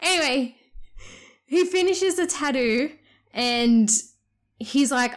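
A woman's voice: high-pitched, unhurried. A woman chatting casually and recounting a dream, laughing often and acting out what people said. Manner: giggly, animated storyteller who acts out quotes. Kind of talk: casual chat, telling a dream.

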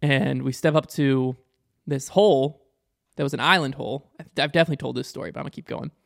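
A young man telling a story in casual conversation, animated and quick, acting out the people he quotes. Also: medium pitch, vocal fry. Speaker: podcast guest or host, disc golfer.

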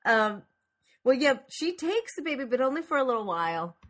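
Animated woman podcaster who laughs a lot. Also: high-pitched. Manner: animated, laughs often, plays up plot twists. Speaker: podcast co-host. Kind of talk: casual movie podcast chat.

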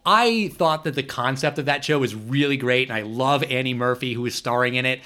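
A man's voice: medium pitch, bright, forceful tone. A man hosting a casual podcast, blunt and opinionated. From Long Island, New York. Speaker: podcast host. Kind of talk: casual chat. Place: apartment in New York.

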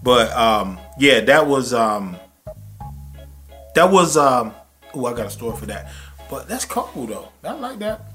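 A man hosting a podcast in casual chat, animated and slangy, laughing often and mimicking people. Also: mid-range voice, unhurried, pauses often, faint music behind. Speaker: podcast host.

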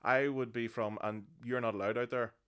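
A man's voice: medium pitch, fairly even intonation, normal speed, fairly bright tone, smooth. A man in his thirties with a South Armagh accent, a podcast guest chatting casually with dry, self-deprecating humour. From South Armagh, Northern Ireland.

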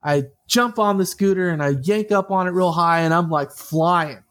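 A man with a slightly high voice tells a personal story as an interview guest. He is lively and laughs easily. He acts out the voices of the people in the story. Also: normal speed.

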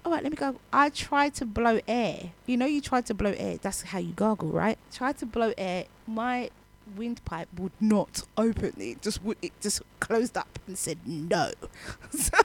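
A woman's voice: a little high, expressive, normal speed. A woman radio DJ with a young child, telling a story in a chatty way between songs, her throat still recovering. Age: adult parent. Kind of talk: casual radio chat.

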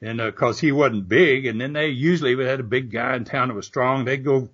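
A man's voice: mid-range voice, fairly quick, fairly bright tone. An older man, a former wrestler telling rambling stories as a guest, full of fillers and restarts. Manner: rambling anecdotal, frequent fillers and restarts, laughing asides. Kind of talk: storytelling interview. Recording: dull lo-fi audio.

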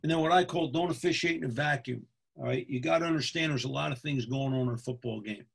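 A fast-talking middle-aged man from Pennsylvania, USA, with a medium-pitched, creaky, breathy-edged voice, instructs other football officials in a folksy style. He repeats what he says and often adds "okay?"

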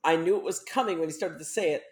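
A man with a somewhat high voice cohosts a casual podcast. He tells rambling little stories and restarts his sentences often. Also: fast. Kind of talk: casual chat.

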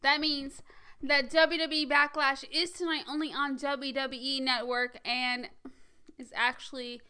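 Bright, high-voiced woman podcast host. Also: level tone. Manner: hurried, chatty, full of fillers and laughs. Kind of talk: casual wrestling predictions chat.

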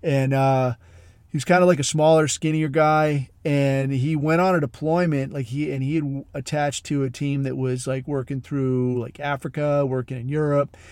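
A man's voice: mid-range voice, level tone, moderate pace, darkish tone, smooth, dry recording. A man hosting a podcast, telling a long rambling story in blunt, profane, casual talk full of fillers. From military special operations community. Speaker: podcast host.

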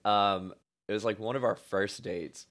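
A young man with a fairly low voice tells a story in relaxed, casual conversation. He leans on filler words and swears freely, growing animated as the story builds. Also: unhurried. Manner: laid-back, heavy filler words, swearing, animated when retelling.

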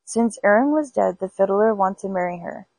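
A woman's voice: medium pitch, expressive, normal speed, creaky, darkish tone, husky, no echo, rough recording. A woman hosting a podcast, reading spooky folk tales aloud in an unpolished amateur way with small stumbles. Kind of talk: storybook read-aloud.

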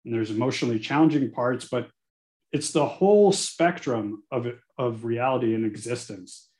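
A man in his forties with a medium pitch talks candidly and earnestly as a podcast guest, growing animated and occasionally cursing. His voice bounces around a roomy, echoey space. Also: normal speed. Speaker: guest, attorney. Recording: echoey room.

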